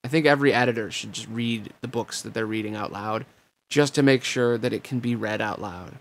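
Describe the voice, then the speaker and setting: A man's voice: lowish voice, fairly quick. A man hosting a podcast where he reads a novel aloud, musing casually and self-deprecatingly on what he just read. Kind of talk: casual rambling afterthoughts.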